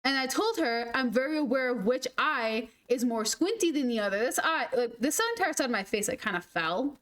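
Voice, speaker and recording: A woman's voice: on the high side, lively intonation, brisk, a bit bright. A woman in her twenties, a game streamer, chatting casually through rambling, self-deprecating stories. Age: 20s. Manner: rambling, self-deprecating, mimics others in quotes. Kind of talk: casual storytelling chat.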